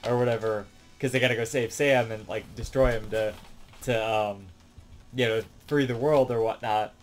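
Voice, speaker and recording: A man's voice: mid-range voice, fairly even intonation, moderate pace, soft background music. A man casually recapping a movie plot as a reviewer, rambling along with lots of "um" and "like" fillers. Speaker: film reviewer.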